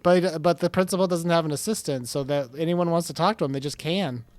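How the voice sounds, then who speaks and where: A man's voice: fairly high pitch, a little fast, darkish tone, no echo. A man co-hosting a casual gameplay chat, joking around and slipping into mock-dramatic lines. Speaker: gaming channel co-host.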